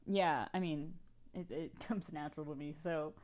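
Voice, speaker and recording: A woman's voice: deep voice, fairly even intonation, normal speed, a little mellow. A woman from Texas hosting a podcast in casual chat, laughing often. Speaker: podcast host.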